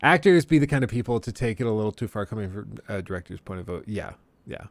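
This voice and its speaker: A man's voice: lowish voice, lively intonation, fast talker, no echo. Ranting sarcastic male streamer. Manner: ranting, sarcastic, laughs often. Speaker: livestream host. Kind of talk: casual chat.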